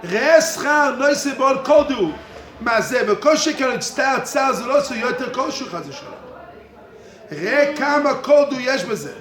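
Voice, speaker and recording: High-voiced rabbi teaching in an echoey hall. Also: male voice, lively intonation, moderate pace, a bit bright, soft background music. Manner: repetitive, emphatic, calls out to students. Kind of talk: yeshiva Torah class. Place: study hall with students. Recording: echoey hall with a crowd of students.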